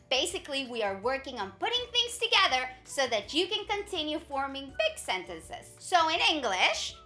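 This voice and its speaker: Upbeat teacher lady, high bright voice, soft music playing under her. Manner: lively, encouraging, models pronunciation slowly. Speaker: Spanish teacher. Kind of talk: lesson for learners. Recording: faint background music.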